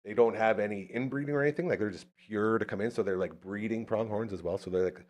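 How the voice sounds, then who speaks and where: A man from Canada co-hosting a podcast, talking casually and jumping into high exclamations. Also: quick pace. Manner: animated, jumps into high exclaims. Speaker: podcast co-host. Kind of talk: casual chat.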